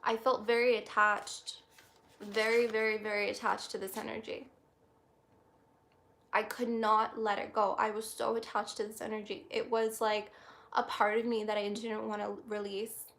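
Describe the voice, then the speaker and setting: A woman doing a tarot reading on a livestream, reflective and halting, close to tears. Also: medium pitch, level tone. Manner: soft, reflective, halting with many restarts. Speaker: tarot reader.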